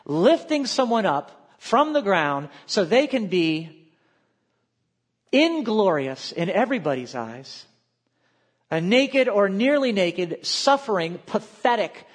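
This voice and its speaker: Male pastor, high voice, sermon delivery with quiet asides. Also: slightly rough. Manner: expressive preaching, quotes scripture aloud, drops to quiet asides.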